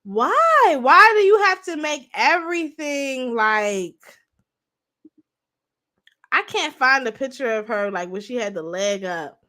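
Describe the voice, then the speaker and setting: A woman's voice: high voice, lively intonation, slow pace, bright, forceful tone. A young woman hosting a livestream, chatting bluntly and profanely to her viewers. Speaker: livestream host. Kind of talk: casual livestream commentary.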